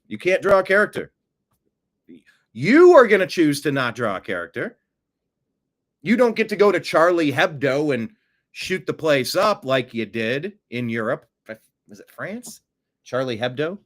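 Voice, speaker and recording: A man's voice: medium pitch, very animated, unhurried, pauses often. A man hosting casual political commentary, sarcastic, and mocking his critics with put-on gasps and voices. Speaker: host.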